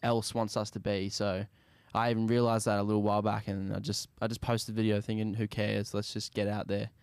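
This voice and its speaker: A young Australian man, a musician guest, talking casually in an interview in a laid-back, soft-spoken way that often trails off. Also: lowish voice, level tone, fairly quick, clean tone, no echo, studio quality.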